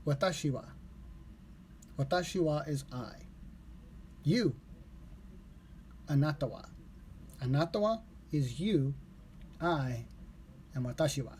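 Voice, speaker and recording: Man, casual live streamer, loose rambling delivery with self-corrections; mellow tone, faint background noise. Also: a little high, slow, pauses often. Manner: relaxed, rambling, corrects himself aloud. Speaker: live streamer learning Japanese.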